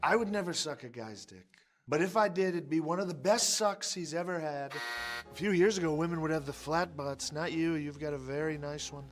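A man's voice: on the high side, moderate pace, over music, lightly acted. A man playing a boastful, crude male president in a comedy sketch, rambling and insulting everyone around him.

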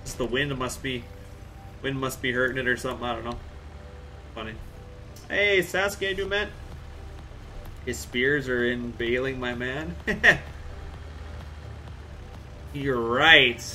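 Faint music plays behind a mid-range, bright and forceful voice that is expressive, unhurried and full of pauses. It belongs to a game livestreamer from Central Alberta, Canada, casually answering chat on a live stream with jokey asides.

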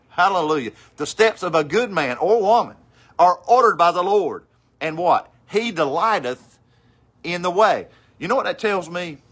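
Male preacher, fervent devotional sermon, bright and fairly high voice. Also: breathy edge. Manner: fervent, preacherly, swings from loud to hushed; quotes scripture in a measured cadence.

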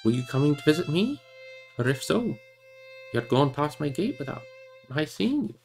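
A man's voice: a little high, sing-song, moderate pace, gravelly, a little mellow, faint music behind. A man voicing a stout, blustering hobbit farmer in a hearty, rustic manner for a storybook reading. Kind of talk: storybook character voice.

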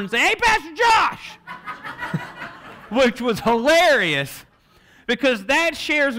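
A pastor preaching a sermon, telling stories and acting out the people he quotes. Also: very high-pitched. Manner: animated storytelling, acts out quoted voices.

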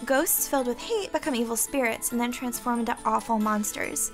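A woman hosting a let's play, excitable, reading game text aloud between gasps and squeals. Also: on the high side, brisk. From United States. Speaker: gaming video host. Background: game music.

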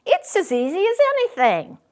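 A woman voicing a bold, teasing wild rabbit in a storybook reading, bright and bouncy. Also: sits high, huge pitch swings, moderate pace, voice pushed up. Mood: curious.

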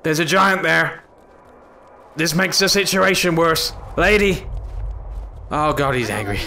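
A man's voice: on the high side, a little slow, background noise. A man giving comedic let's-play commentary, scolding and fussing over an in-game companion in an exasperated way. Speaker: gaming YouTuber.

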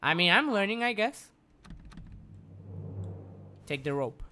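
Casting: man doing gameplay commentary, bright sharp voice, faint hiss behind, cursing and repeating himself. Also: high voice, very animated, slow pace. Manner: frustrated, swearing, repeats himself. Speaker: streamer.

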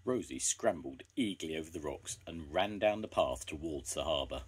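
An older man reading a children's story aloud, gentle and expressive. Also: a bass voice, normal speed, few pauses, husky, faint music behind.

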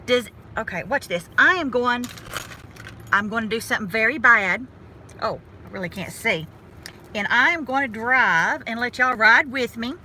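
A woman's voice: on the high side, expressive, moderate pace, bright, forceful tone. A woman with a North Georgia Southern accent chatting casually to her viewers from inside her car, folksy and self-mocking. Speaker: vlogger. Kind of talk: casual chat while driving. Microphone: phone or camera clipped to the sun visor. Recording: faint road noise in a car. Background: road and car noise.

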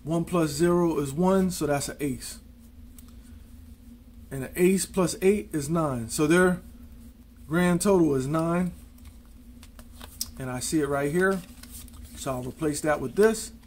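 A man's voice: on the high side, slow pace, pauses often, darkish tone, slight background noise. A man demonstrating card tricks, talking casually and counting and spelling aloud as he deals. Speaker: amateur magician.

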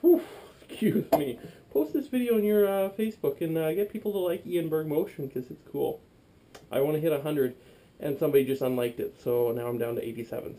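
A tipsy young man talks into his camera at home with a slightly raised but mellow, dark voice. He rambles, sometimes sinks into a mutter, and a faint hiss sits under the recording. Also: fairly high pitch, expressive, brisk. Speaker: vlogger. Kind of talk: casual vlog sign-off.

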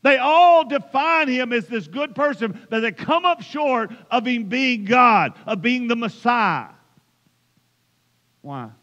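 A man's voice: extremely high pitch, lively intonation, slow, sharp tone. A man preaching a sermon, emphatic and building to impassioned runs. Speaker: pastor. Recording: dull sound in a reverberant church hall.

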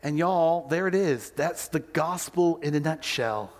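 A man's voice: fairly high pitch, lively intonation, a little slow, in a large hall. A male pastor giving a sermon and telling a story, acting out the quoted voices as he goes.

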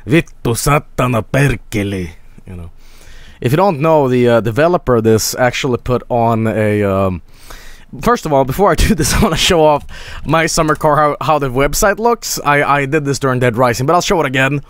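A man's voice: mid-range voice, expressive, a little fast, clear, resonant tone, no room sound. A man streaming a game, giving rambling, joking and profane casual commentary.

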